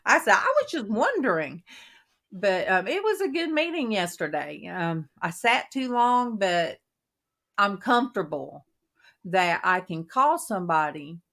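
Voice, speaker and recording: A middle-aged woman hosting a casual chat, telling folksy stories in an animated way and quoting herself. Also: medium pitch, a little slow. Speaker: host of a Christian women's coffee talk panel.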